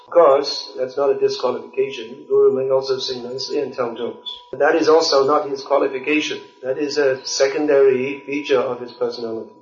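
A man's voice: mid-range voice, a little hiss or hum. A man giving a devotional lecture, speaking bluntly and emphatically and reciting verses in Sanskrit. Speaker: spiritual lecturer. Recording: distant, roomy, dull lo-fi lecture recording.

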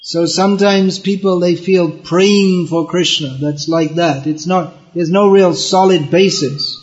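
Earnest male preacher, fairly high voice, restarts his phrases; lo-fi lecture tape. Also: steady tone, unhurried. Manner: earnest, repeats words while explaining; chants verses in Bengali. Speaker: spiritual teacher. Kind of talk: devotional lecture.

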